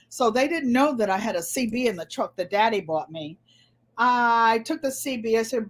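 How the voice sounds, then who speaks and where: A woman's voice: a little high, lively intonation, normal speed. An older woman with a New England accent, chatting casually through tag questions and telling stories with easy laughs and repeated words. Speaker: vlogger.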